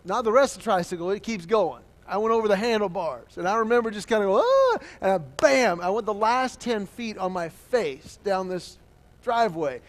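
Brief: male pastor, high-pitched, animated storytelling sermon with acted-out voices. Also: a little fast.

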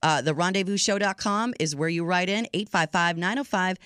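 A woman's voice: fairly low pitch, brisk, fairly bright tone, smooth, dry recording, studio quality. Playful chatty woman radio co-host. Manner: playful, chatty, laughs easily. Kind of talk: casual radio chat.

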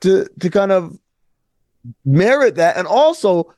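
A man co-hosting a casual sports talk show, emphatic and animated, often mimicking other voices. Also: high-pitched, slow pace, dry recording, clean studio sound. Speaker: podcast co-host.

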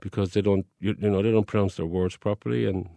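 A man's voice: deep voice, fairly even intonation, quick pace, creaky, warm tone, dry recording. A man from Cork with a Cork Irish accent, a guest in a casual chat, with a dry teasing humor. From Ireland, Cork.

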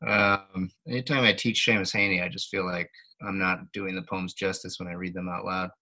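A man's voice: deep voice, flat delivery, a little fast, pushed and bright. A man hosting a poetry reading, chatting casually with readers. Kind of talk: casual chat.

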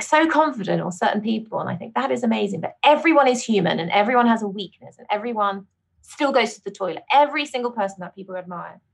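A woman's voice: medium pitch, vocal fry, fairly bright tone, husky. A British woman chatting casually as a podcast guest, laughing often and acting out her own reactions. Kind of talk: casual interview chat.

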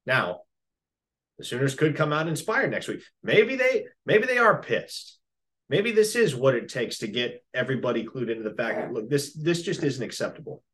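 A man co-hosting a casual sports chat, skeptical and measured as he breaks down the game. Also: medium pitch, expressive. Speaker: sports podcast co-host.

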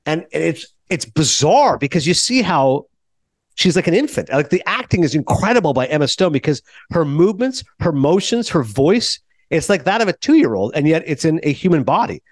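A man hosting a podcast in casual chat, animated and talkative, jumping from thought to thought. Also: a little high, moderate pace, no room sound. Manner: animated, chatty, jumps between thoughts. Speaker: podcast host.

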